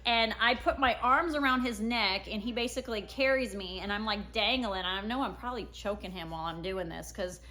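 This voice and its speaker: A woman's voice: mid-range voice, fairly quick, few pauses, pushed and bright. A woman in her thirties casually telling a personal family story, acting out her own past words.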